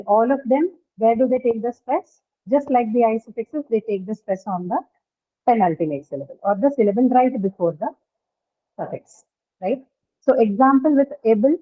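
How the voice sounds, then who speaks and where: A woman teaching an English class over a call, her voice thin and tinny like a phone line. She goes step by step, puts questions to her students and keeps checking whether they follow. Her pitch sits in an ordinary middle range. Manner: patient, questioning, often checks with "right?". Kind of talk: online class lecture on word stress.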